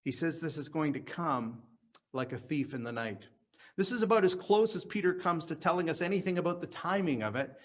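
Man, high voice, preacher, earnest teaching sermon, slow stressed words. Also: animated. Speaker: pastor. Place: church service on a live stream.

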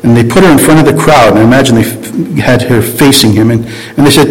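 A man leads a casual Bible lesson in an average-pitched voice. He talks loosely and conversationally, often stopping to correct himself and start over. The sound carries a long reverb, as if from a large hall. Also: fast talker, hardly any pauses. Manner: conversational, hesitant, many restarts and self-corrections. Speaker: Bible study teacher. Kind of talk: informal Bible teaching.

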